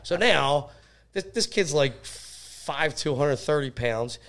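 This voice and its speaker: A slightly high-voiced man talks slowly as a guest on a podcast. His casual storytelling is full of crude personal tales, told animatedly with frequent laughter and lots of swearing.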